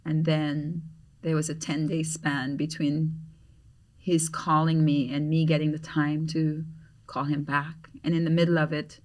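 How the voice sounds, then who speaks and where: A middle-aged woman from Grenada with a Grenadian accent, a podcast guest telling a story in an animated way and acting out the voices she quotes. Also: deep voice, unhurried, far from the mic. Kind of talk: storytelling in conversation.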